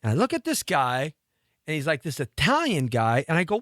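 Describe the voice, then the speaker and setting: Animated man telling a rambling story. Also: fairly high pitch, brisk, no room sound, clean studio sound. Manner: animated, rambling, laughing asides. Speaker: radio show host. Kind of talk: storytelling monologue.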